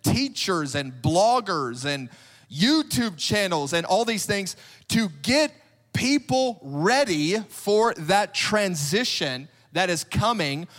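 Male preacher, high voice, casual storyteller who acts out the quotes, long hall echo. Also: a bit bright. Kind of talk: sermon.

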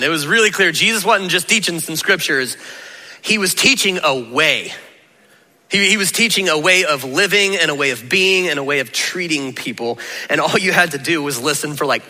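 A high, very bright male voice carries a conversational, animated sermon, with the pastor slipping into the voices of Jesus and his doubting listeners. The sound rings through a large, reverberant hall. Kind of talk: energetic sermon.

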